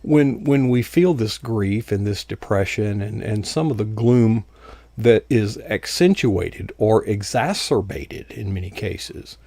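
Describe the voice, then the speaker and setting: Gravelly-voiced man hosting an interview. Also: fairly low pitch, mellow, no room sound. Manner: halting, searching for words. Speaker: host.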